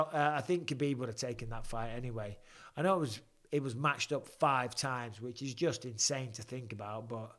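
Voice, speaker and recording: A man's voice: mid-range voice, fairly bright tone. A man, chatting bluntly and swearing as he reads viewer questions on a live stream. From England. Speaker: livestream host watching fights.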